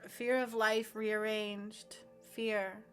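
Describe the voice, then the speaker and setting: A woman leading a guided healing meditation, speaking slowly and earnestly and reciting affirmations aloud. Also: mid-range voice, little pitch movement, faint music behind. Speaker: spiritual healer.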